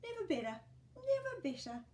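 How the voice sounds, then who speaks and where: A woman's voice: very high voice, sing-song, moderate pace, a little mellow, voice pushed up. A woman doing a hearty old man neighbour. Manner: hearty, repeating a catchphrase. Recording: roomy, distant mic.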